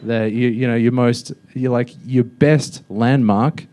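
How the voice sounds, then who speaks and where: A man's voice: medium pitch, steady tone, a little slow, warm tone. A young man doing a mocking stand-up roast in a comedy club, with a loose, offhand delivery full of fillers. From Australia.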